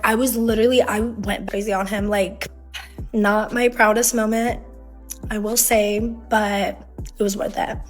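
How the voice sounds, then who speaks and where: A young woman telling a personal story in a casual, rambling way, dropping "like" constantly as she relives the drama. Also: a little high. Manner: rambling, heavy use of "like", emotional retelling.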